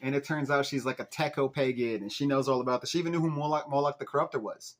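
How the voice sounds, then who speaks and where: Young guy doing a laid-back show recap, gets loud and cusses and laughs, mid pitch. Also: fast. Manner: animated, swearing, laughing at the plot. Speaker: podcast host recapping an episode. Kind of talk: casual recap chat.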